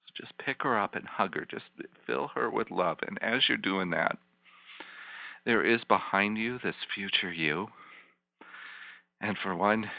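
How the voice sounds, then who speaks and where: A man, a healing practitioner, leading a volunteer through slow guided imagery with soft, repetitive, soothing coaching. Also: fairly low pitch, creaky, dry recording. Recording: dull lo-fi teleconference line.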